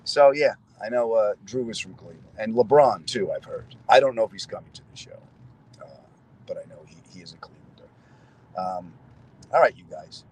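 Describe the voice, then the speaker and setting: A middle-aged comedian host, outdoors in a city square, shares stories and side remarks with his viewers in casual conversation. His lowish voice is brisk, husky and darkish in tone, captured on a rough recording.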